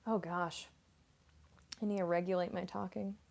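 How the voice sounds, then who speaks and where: A woman in her mid-twenties chatting casually on a livestream, soft-spoken and rambling, with lots of fillers and little giggles. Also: lowish voice, steady tone, moderate pace, gravelly, slight background noise. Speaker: voice actress streamer. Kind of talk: casual livestream chat reading comments.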